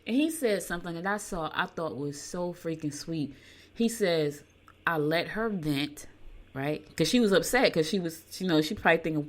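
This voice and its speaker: A chatty older woman with a slightly low voice hosts a casual talk show from her home studio. She reads horoscopes and wanders off into animated stories, laughing along the way. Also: normal speed. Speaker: radio show host. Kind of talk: casual chat reading horoscopes.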